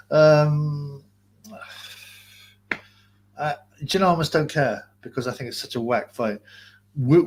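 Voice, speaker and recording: A man's voice: medium pitch, a little hiss or hum. A man hosting a boxing channel, rambling and swearing through a casual live-stream rant. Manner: rambling, profane, restarts sentences often.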